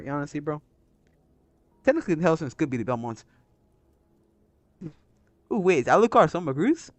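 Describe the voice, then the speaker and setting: A young man reading a manga aloud, rambling and excitable, calling people bro. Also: a little high, a little fast, pauses often, dry recording. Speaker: manga reader. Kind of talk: casual read-aloud with commentary.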